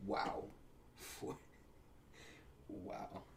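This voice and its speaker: A man's voice: very slow, a little hiss or hum. A young man co-hosting a podcast in casual chat, telling stories animatedly and swearing freely. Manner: animated storytelling, frequent swearing. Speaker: podcast co-host.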